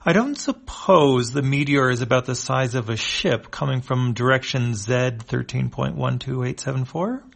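A man voicing an excitable female spacefaring captain from a comic, with shrill, excited outbursts. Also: normal speed, vocal fry, hardly any pauses. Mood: wary.

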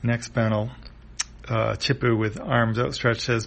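A man's voice: medium pitch, level tone, measured pace, vocal fry. A man casually reading a comic aloud, describing each panel with some fillers. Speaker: comic reader.

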